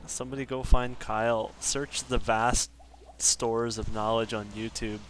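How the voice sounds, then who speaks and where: A man's voice: medium pitch, little pitch movement, measured pace, fairly bright tone, a little hiss or hum. A man streaming a game live, chatting casually and self-deprecatingly with his viewers. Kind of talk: casual live-stream chat while gaming.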